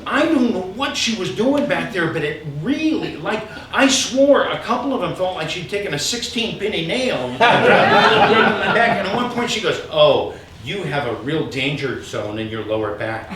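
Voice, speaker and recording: A male comedian telling a stand-up story in an animated, exasperated way that builds to loud outbursts. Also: extremely high pitch, normal speed, a loud crowd. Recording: echoey, distant club recording with loud audience noise.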